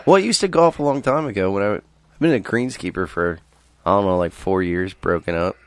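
A man's voice: low-pitched, brisk, no room sound. A man co-hosting a casual podcast, cracking crude, dry jokes. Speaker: podcast co-host. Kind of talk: casual chat.

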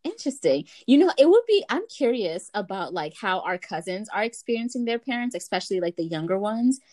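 A young adult woman talking casually with a family member, relaxed and chatty with lots of fillers. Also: medium pitch, fairly quick.

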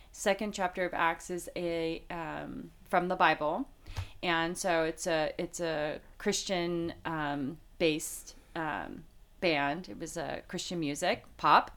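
A middle-aged woman from Las Vegas, a guest telling a personal faith story in a heartfelt, halting way with many fillers. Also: fairly low pitch, fairly bright tone, smooth. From Las Vegas, United States. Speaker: interview guest. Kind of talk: personal faith testimony in conversation.

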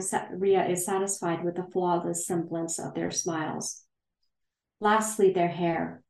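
A woman's voice: lowish voice, a little mellow. A woman author reading her novel aloud and then answering questions hesitantly over a video call. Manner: hesitant, many fillers and restarts. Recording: roomy echo.

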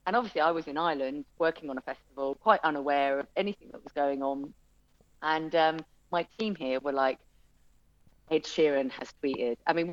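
Low-voiced woman, chatty and animated. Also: muffled recording. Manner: chatty, animated storytelling with many fillers and restarts. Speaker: music venue owner. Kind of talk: interview conversation.

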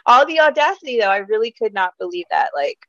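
A woman's voice: mid-range voice, fast, dry recording, muffled recording. A woman co-hosting a podcast, chatting casually about celebrity gossip with lots of swearing and laughter. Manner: profane, animated, laughs a lot. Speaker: podcast co-host.

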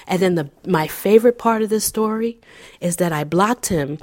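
A woman's voice: medium pitch, moderate pace, darkish tone. Woman, podcast co-host, casual chat, blunt, profane, heated. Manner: blunt, profane, fired-up ranting.

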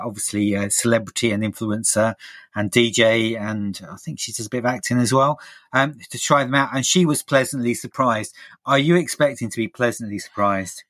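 A man's voice: medium pitch, a bit bright, no room sound. A middle-aged man with a chatty manner, co-hosting a casual chat and working through a list of news items. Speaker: podcast co-host.

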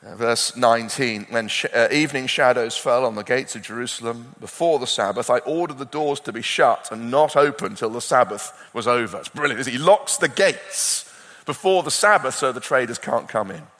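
A man preaching a sermon to a conference crowd, his voice moving between loud urgency and quiet intensity. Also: medium pitch, moderate pace. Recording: long hall reverb.

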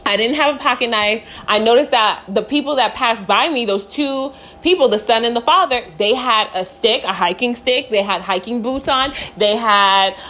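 Young woman, casual vlog storytelling, higher voice, dramatic, profane. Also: normal speed, few pauses, sharp tone. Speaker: vlogger.

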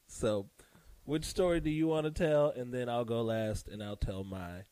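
A man who is a school leader, hosting a casual podcast. He starts his turns haltingly with fillers, then speaks steadily. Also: medium pitch, warm tone, clear, resonant tone, dry recording, rough recording.

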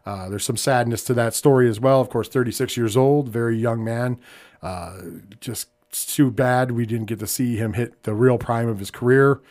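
At a moderate pace and in a mid-range voice, the American host of a wrestling podcast keeps things casual and conversational. Fillers crop up constantly, and his voice softens when he turns somber.

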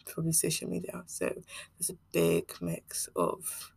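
Young nigerian woman, accent kinda mixed with american, rambly podcast talk, lowish voice w lots of vocal fry. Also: completely flat delivery, measured pace, darkish tone, dry recording. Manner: rambling, chatty, laughs often. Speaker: podcast host. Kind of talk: casual solo podcast chat.

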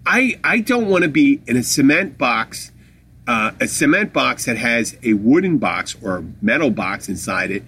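A man's voice: medium pitch, very animated, moderate pace, sharp tone, slight background noise. A man co-hosting a podcast in casual chat, rambling and crude with a joking manner. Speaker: podcast co-host.

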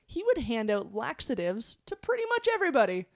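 A woman's voice: on the high side, wildly swooping pitch, brisk, gravelly, darkish tone. A woman hosting a laid-back podcast, reading through a countdown list. She talks in a loose, chatty way, with plenty of fillers and the odd swear word. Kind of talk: casual podcast chat.

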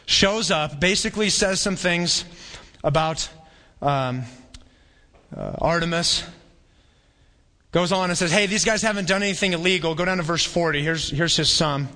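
A male pastor preaches with a bright, forceful voice that sits a little high for a man. He is conversational and animated, and he now and then acts out the voices of a crowd. His voice carries a long reverb from a church hall. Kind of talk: sermon.

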